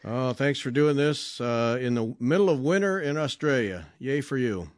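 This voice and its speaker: A man's voice: mid-range voice, lively intonation, normal speed, no room sound, clean studio sound. A man hosting a podcast interview, chatty and jokey as he introduces his guest. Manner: chatty, jokey, with fillers and restarts. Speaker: podcast host.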